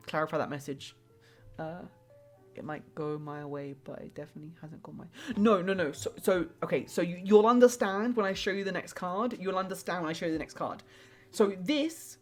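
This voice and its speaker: A woman in a lower register chats her way through a live tarot reading, restarting her sentences and filling them with "like." She speaks affectionately to her viewers, and faint music plays quietly behind her. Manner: rambling, heavy use of "like" and restarts; warm and affectionate toward viewers. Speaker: streamer doing tarot readings. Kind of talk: casual live-stream chat.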